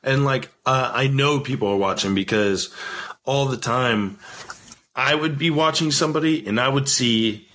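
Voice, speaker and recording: A man's voice: mid-range voice, normal speed, fairly bright tone. A man hosting a casual podcast chat, rambling and laid-back, with lots of "like" and "you know". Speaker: podcast host.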